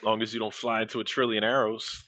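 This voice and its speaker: A man's voice: lowish voice, little pitch movement, fast, bright, forceful tone. A man at a tabletop game, cracking jokes and laughing. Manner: joking, laughing. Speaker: player.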